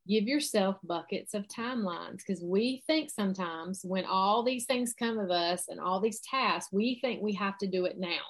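A woman's voice: medium pitch, normal speed, hardly any pauses. A woman, speaking as a coach in an earnest motivational talk and acting out examples of self-talk. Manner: earnest, animated, acts out inner self-talk.

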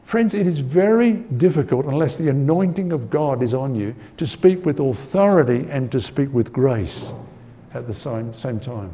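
A man's voice: medium pitch, animated, moderate pace, dark tone, slight background noise. A man teaching a conversational Bible-study sermon. He talks earnestly, asks his listeners for agreement and repeats words as he thinks. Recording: long hall reverb.

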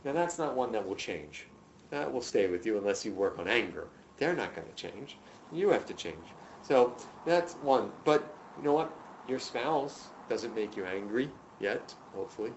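A man teaching a class, telling stories in an animated, emphatic way and addressing the students directly. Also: fairly low pitch, moderate pace, muffled recording, a little hiss or hum. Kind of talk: lecture to a class. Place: room with students.

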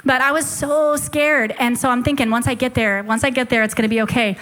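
Lively woman telling her story from the pulpit. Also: on the high side. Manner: animated storytelling with quick self-quoted asides. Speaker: speaker sharing a testimony. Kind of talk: sermon testimony. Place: church service before a congregation.

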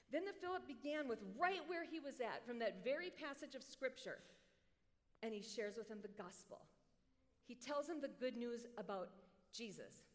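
A woman preacher giving a sermon in an animated, conversational way, with joking asides, in a large hall. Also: high voice, moderate pace. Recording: long hall reverb.

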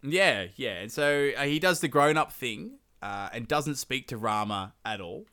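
A podcast host casually retells an old epic as comedic storytelling, swearing, laughing, and bursting into high, silly character voices. His clear, resonant voice is pushed and bright, with lively intonation and an unhurried pace.

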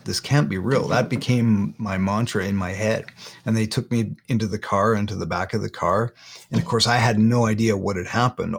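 A man, a guest in an interview, retelling a painful personal story haltingly, often repeating words. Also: on the low side, creaky, husky.

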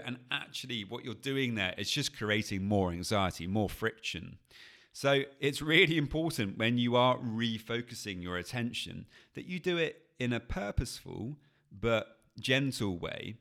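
A man, calmly and patiently explaining a technique on a coaching podcast. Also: medium pitch, measured pace. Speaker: anxiety coach. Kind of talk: podcast teaching.

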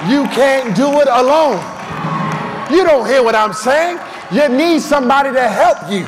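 A man preaching a shouted revival sermon, calling on the congregation to repeat his lines. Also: very high-pitched, expressive, a little slow. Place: church service with a crowd. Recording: live church mic with music and crowd.

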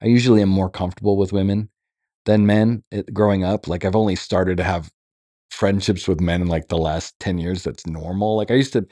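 A man's voice: sits low, fairly even intonation, fairly quick, dark tone, dry recording, clean studio sound. A man talking as a podcast guest over a phone, rambling, joking and swearing freely in casual chat. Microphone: remote call on a phone.

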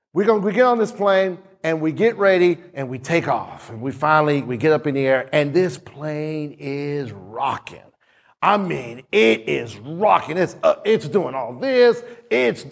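Gravelly high-voiced preacher man. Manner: animated preaching, acts out dialogue with sudden drops to soft low tones. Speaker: pastor. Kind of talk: sermon storytelling.

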